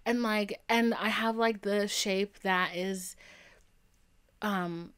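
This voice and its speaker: A young podcast host speaks at a slow pace with a clean tone, telling stories in a casual, animated monologue. Low murmurs give way to excited bursts throughout.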